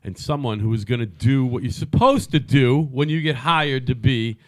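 A man's voice: mid-range voice, expressive, moderate pace, no echo. A man co-hosting a podcast in casual political chat, emphatic, repeating his points and swearing often. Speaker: podcast co-host.

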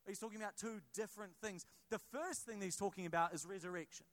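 A high-pitched man preaching in a church, talking with his congregation rather than at it. He stumbles through restarts and tosses in quick asides as he explains a passage. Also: fairly bright tone. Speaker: pastor. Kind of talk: sermon.

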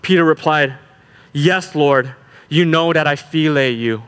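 Male preacher, slightly high voice, animated and repetitive emphasis, long hall reverb. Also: a little slow. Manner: animated, repeats words when building emphasis. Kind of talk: sermon.

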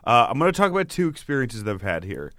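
A man's voice: medium pitch, fast talker, no echo, clean studio sound. A man, a comedian, telling stories in casual podcast chat, swearing freely and acting out what people said. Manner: animated, swears a lot, acts out quotes.

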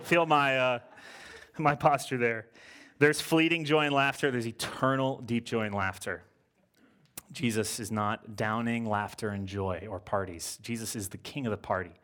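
A man preaching a sermon in a lively, conversational way, joking with the congregation and slowing down to stress scripture quotes. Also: mid-range voice. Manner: lively, conversational preaching with casual slang and jokes; slows and stresses when quoting scripture. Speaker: pastor.

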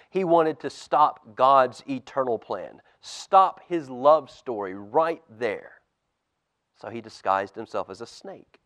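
A man, a pastor, reading a storybook aloud to children in church with expressive, animated storytelling. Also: mid-range voice. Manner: expressive storytelling, lively swings in loudness.

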